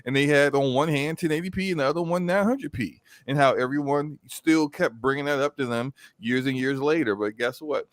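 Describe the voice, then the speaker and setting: A man's voice: medium pitch, a little fast, hardly any pauses, no room sound. A man talking as a guest in a casual podcast chat, rambling with stammering restarts and acted-out skits.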